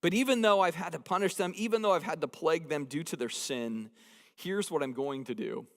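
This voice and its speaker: High-voiced pastor in a reverberant hall. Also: male voice, a little fast, gravelly. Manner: conversational and joking, with emphatic repeated phrases. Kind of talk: sermon.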